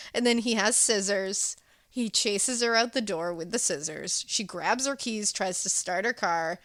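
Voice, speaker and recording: A woman podcast co-host recapping a horror film in casual chat, telling it in an animated, chatty way. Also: medium pitch, unhurried, dry recording, studio quality. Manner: animated, chatty retelling with laughs and acted-out quotes.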